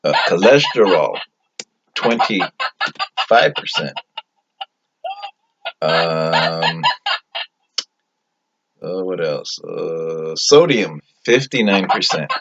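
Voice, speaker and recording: A man's voice: low voice, very animated, slow. A man hosting a comic food review in a tough-guy persona, hesitant and rambling with a repeated "yo". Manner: hesitant, rambling, lots of fillers, "yo" catchphrase. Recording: dull lo-fi audio, faint hiss.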